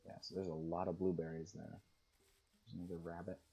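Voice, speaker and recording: A young man giving relaxed, casual commentary while he plays a game, musing aloud and reading on-screen text. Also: sits low, a little fast, gravelly, breathy edge, low-quality recording. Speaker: gaming streamer.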